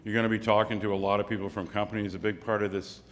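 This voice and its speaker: A man's voice: fairly low pitch, little pitch movement, racing. A man organizing an investor conference, giving a casual talk with lots of restarts and rambling phrasing. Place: conference hall. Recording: echoey hall reverb.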